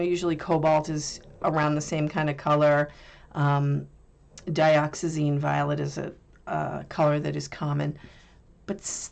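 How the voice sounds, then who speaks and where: A woman's voice: on the low side, gravelly, a little mellow. A woman hosting an art channel, chatting casually and musing aloud as she swatches and reviews paints.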